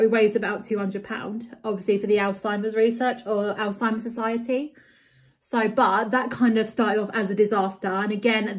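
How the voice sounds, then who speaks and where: A young woman, ranting in a casual vlog about a bad summer, exasperated and rambling with lots of fillers and swearing. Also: medium pitch. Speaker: vlogger.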